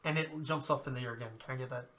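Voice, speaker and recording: A man narrates a tabletop game as game master, his voice bright and forward. He talks loosely, with fillers and frequent laughs. A faint hiss sits under the recording. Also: medium pitch, steady tone, very fast. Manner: casual, laughing often while narrating.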